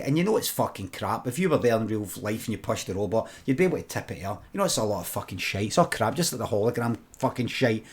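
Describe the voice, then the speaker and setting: A man's voice: medium pitch, quick pace, hardly any pauses, darkish tone. A Scottish man improvising a comic story, rambling and swearing freely as he digresses. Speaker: streamer.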